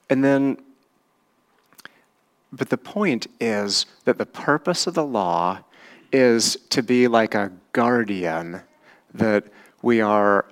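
A male pastor delivers a sermon at an unhurried pace. His voice sits on the low side, and he keeps it conversational, putting questions to his listeners as he goes. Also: a bit bright. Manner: conversational, asks the congregation questions.

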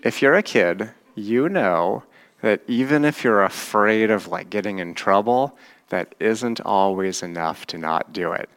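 A male pastor delivers a sermon at an unhurried pace. His voice sits on the low side, and he keeps it conversational, putting questions to his listeners as he goes. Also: fairly bright tone. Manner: conversational, asks the congregation questions.

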